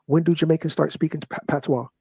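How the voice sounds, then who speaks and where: A man's voice: fairly high pitch, steady tone, quick pace, vocal fry, dark tone, husky, dry recording. A man co-hosting a casual livestream, who reads from a web search and keeps asking joking questions.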